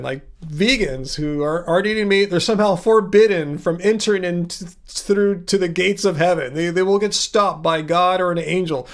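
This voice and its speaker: A man hosting a live Q&A stream, reading chat comments and answering with playful sarcasm. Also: high voice. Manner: sarcastic, playful, quick retorts. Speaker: livestream host.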